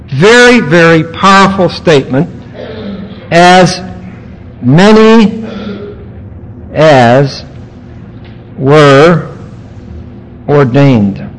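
A man preaching a teaching sermon in a church, his voice pitched somewhat high for a man. He talks slowly and deliberately, breaking the text down point by point with weighty pauses. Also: slight background noise, rough recording. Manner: teacherly, explaining grammar point by point with emphatic pauses. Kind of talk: expository sermon.

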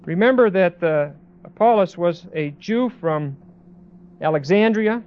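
A man preaching a Bible sermon in a conversational way, with many pauses and restarts, as a pastor. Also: high voice, lively intonation, highs cut off.

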